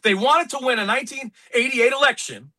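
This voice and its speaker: A man hosting a talk radio show, speaking in an emphatic, opinionated way about sports and politics. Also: very high-pitched. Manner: animated, emphatic, quick asides. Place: radio studio.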